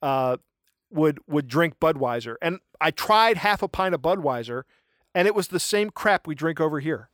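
Male podcast host, slightly high voice, dry close sound, rambles and hunts for words. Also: moderate pace, no room sound. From United States. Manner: rambling, gets excited, searches for words. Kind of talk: casual podcast chat.

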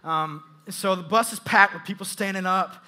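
A man preaching a sermon, telling a story in an animated, playful way with soft asides. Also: high-pitched, moderate pace. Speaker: youth pastor.

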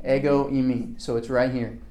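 A man's voice: mid-range voice, level tone, normal speed, warm tone. A man leading a casual Bible study, talking through a passage in a conversational way, often checking in with "okay" and asking the group questions.

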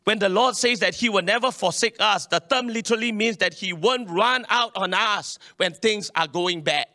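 A man preaching a sermon in a church, animated and calling on the congregation to respond. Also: sits high, moderate pace, dry recording, studio quality. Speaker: pastor.

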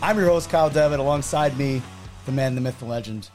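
A man's voice: mid-range voice, fast talker, soft background music. A man hosting a sports podcast, chatting casually and acting out quotes as he tells a story. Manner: animated storyteller, acts out quotes. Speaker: podcast host.

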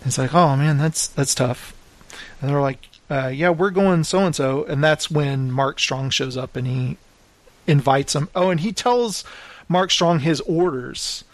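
A man with a slightly raised voice recounts a war film scene by scene in a relaxed podcast chat. He slips into the characters' lines as he goes, and the sound is close and dry with no room echo. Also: fairly high pitch, measured pace. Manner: animated retelling, acts out quoted lines. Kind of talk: casual film discussion.

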